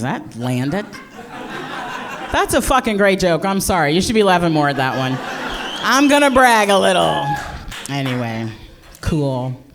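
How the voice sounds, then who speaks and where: A middle-aged American woman doing live stand-up, brash and profane, mocking herself and playing to the crowd. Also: medium pitch. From United States. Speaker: stand-up comedian.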